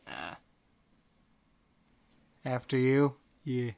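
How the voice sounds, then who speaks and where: A podcast host reading fan fiction aloud in a deadpan tone, breaking off for snarky comments. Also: mid-range voice, drawn-out words, gravelly. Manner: deadpan reading broken by snarky asides and laughter. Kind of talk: comic fanfic reading with asides.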